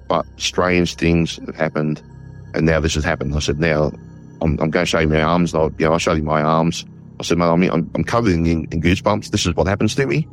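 An Australian man, a war historian, telling a story in an interview with lively retold dialogue and frequent restarts. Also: low voice. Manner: animated, retells conversations in quoted dialogue, frequent restarts.

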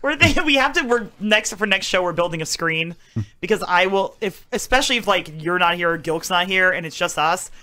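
A woman's voice: fairly low pitch, lively intonation, fairly quick, pushed and bright. A woman in her thirties co-hosting a casual podcast chat, bantering and laughing often. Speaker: podcast co-host.

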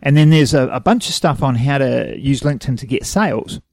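A man's voice: medium pitch, lively intonation, a little fast, vocal fry, a little mellow, no echo. A young man with a New Zealand accent, co-hosting a casual podcast in an easygoing way and laughing readily. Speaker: podcast co-host. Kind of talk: casual chat.

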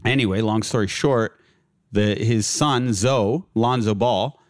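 A man's voice: fairly low pitch, slow. Rambling young man telling stories. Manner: rambling, filler-heavy, laughs through his stories. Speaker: guest. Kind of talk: casual storytelling.

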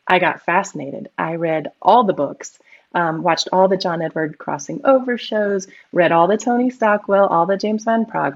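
Gravelly expressive woman storyteller. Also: fairly low pitch. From United States. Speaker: guest medium and Reiki practitioner. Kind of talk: casual storytelling conversation. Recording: slightly dull lo-fi audio.

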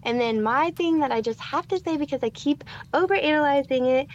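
A woman in her thirties co-hosts a podcast in lively, casual chat. She acts out her own reactions as she talks. Her voice sits a bit high, and the recording sounds dull and lo-fi. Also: brisk. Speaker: podcast co-host.

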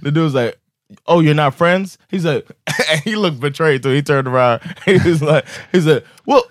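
A man co-hosting a podcast, telling a story in casual chat with a laughing, animated delivery and acting out the people in it. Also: a little high, moderate pace, no echo, clean studio sound. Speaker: podcast co-host.

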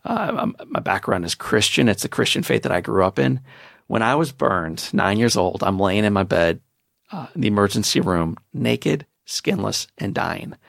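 A man's voice: lowish voice, animated, normal speed, creaky, dry recording, studio quality. A man in his forties telling his story as a podcast guest, with an emphatic, preacher-like motivational delivery.

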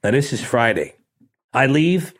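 A man's voice: medium pitch, a little slow. A middle-aged man, a guest in a casual interview, telling a story with blunt, streetwise talk and acting out the dialogue. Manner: animated storyteller who acts out quoted dialogue.

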